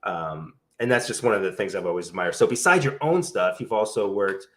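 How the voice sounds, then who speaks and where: Host: middle-aged man, low voice, chatty and rambling, warm enthusiasm for his guest. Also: lively intonation, fairly quick. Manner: enthusiastic, rambling with many fillers. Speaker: interview host. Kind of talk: casual interview chat.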